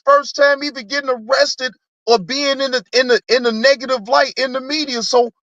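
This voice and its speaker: A man's voice: very high-pitched, steady tone, normal speed, sharp tone, no room sound. Laid-back, swearing livestream man. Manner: laid-back, profane, rambling. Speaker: livestream host. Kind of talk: casual livestream talk reading chat. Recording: dull lo-fi sound.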